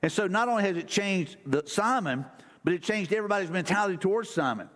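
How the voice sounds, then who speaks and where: Pastor guy preaching loose and chatty, high voice, big church reverb. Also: lively intonation, quick pace, fairly bright tone. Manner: casual, conversational preaching with fillers. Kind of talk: sermon. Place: church sanctuary.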